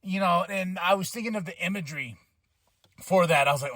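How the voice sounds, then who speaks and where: A man hosting his own podcast, recapping a wrestling show in a casual, rambling, animated way with lots of asides. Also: sits high, brisk, dry recording. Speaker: podcast host.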